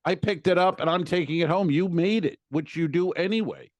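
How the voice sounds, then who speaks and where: A man's voice: high-pitched, brisk, no echo. Sardonic man, dry close sound. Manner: exasperated, sardonic complaining. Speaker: podcast co-host. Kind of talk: casual comedy podcast banter.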